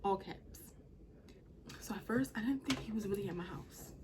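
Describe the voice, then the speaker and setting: A woman's voice: mid-range voice, normal speed, noisy background. A young woman vlogger telling a storytime in a casual, chatty way, with a lot of "like". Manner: chatty, lots of "like".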